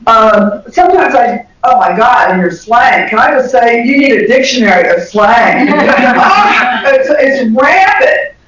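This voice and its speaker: An older woman from the American South with a Southern accent, giving an animated lecture to health workers and laughing often. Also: a little high, measured pace, few pauses. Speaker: communication professor giving a lecture. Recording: echoey dull recording from far off.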